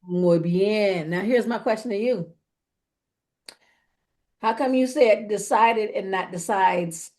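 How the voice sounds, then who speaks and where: Woman Spanish teacher, mid pitch, slow and encouraging. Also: a little mellow. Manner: encouraging, praising and quizzing students. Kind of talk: online language class.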